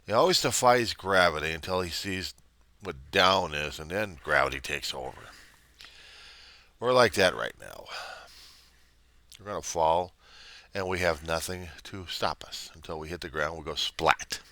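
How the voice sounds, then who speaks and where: A low-pitched man rants to camera in a rambling, sardonic way, sounding gloomy. His voice is forceful and bright in tone, recorded close and dry. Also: measured pace, long pauses, no echo. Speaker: vlogger. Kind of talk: casual rant to camera.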